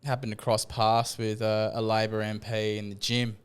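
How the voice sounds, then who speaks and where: An Australian man talks as a podcast guest, with a smooth, clear voice. He tells his stories with energy and loudly acts out the people he quotes. The delivery is casual and lively. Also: fairly low pitch, moderate pace. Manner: animated storyteller, acting out quoted voices loudly. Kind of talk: casual chat.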